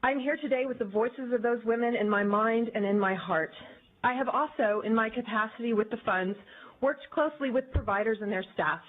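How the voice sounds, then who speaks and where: A woman speaking in an earnest, measured way as she gives prepared testimony before a legislative committee. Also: fairly high pitch. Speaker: advocacy group director testifying. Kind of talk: formal public testimony. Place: legislative committee hearing room. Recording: tinny, phone-like archive audio.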